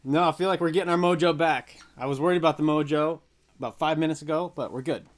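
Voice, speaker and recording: A man co-hosting a music livestream, relaxed and joking as he reads viewer comments aloud. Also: on the high side, fast talker. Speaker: co-host and guitarist. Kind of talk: casual livestream chat.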